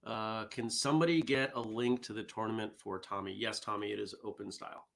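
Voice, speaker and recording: A man's voice: lowish voice, steady tone, brisk, creaky, fairly bright tone. A man hosting a casual live morning vlog show, chatting with viewers and reading their comments and jokes aloud. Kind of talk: casual live-stream chat.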